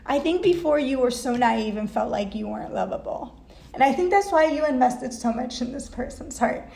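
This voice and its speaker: A woman's voice: high-pitched, animated, brisk, creaky, a little mellow. A woman giving a casual tarot reading at home, emotional and blunt, swearing freely. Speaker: tarot reader. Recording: echoey room.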